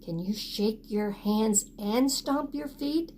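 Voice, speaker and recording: A woman reads a picture book aloud to young children, her high voice moving at an unhurried pace. She keeps stopping to invite her listeners to act along with the story. A faint hum sits under the recording. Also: darkish tone.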